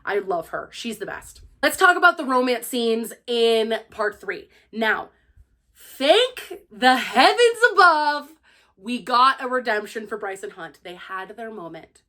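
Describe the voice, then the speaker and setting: Young woman, slightly high voice, chatty book review, gushing, acts out characters. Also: expressive, normal speed, hardly any pauses, bright, forceful tone. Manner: peppers her speech with "like". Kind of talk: casual spoiler book review.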